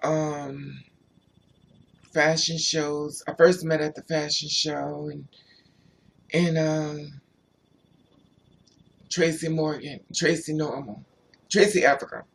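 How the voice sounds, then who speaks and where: A man's voice: on the high side, level tone, takes it slowly, creaky, pauses often, slight background noise. A man on a casual livestream who tells rambling personal stories and answers viewers' chat comments as he goes.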